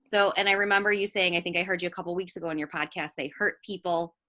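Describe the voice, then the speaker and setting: A woman's voice: fairly low pitch, steady tone, very fast, bright, forceful tone. A woman guest on a casual recovery podcast, speaking in an earnest and reflective way.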